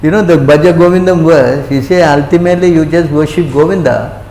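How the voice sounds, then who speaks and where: A man's voice: fairly high pitch, a little fast, a little mellow. A man giving an interactive scripture lecture, often asking whether listeners follow him. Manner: keeps checking that listeners follow, with short questions. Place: temple hall. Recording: echoey hall with faint noise.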